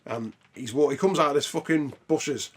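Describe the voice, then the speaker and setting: A man's voice: on the high side, moderate pace. A man co-hosting a podcast, swearing often as he retells film scenes with gusto. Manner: sweary, animated retelling with loud put-on voices. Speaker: podcast co-host. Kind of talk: casual chat.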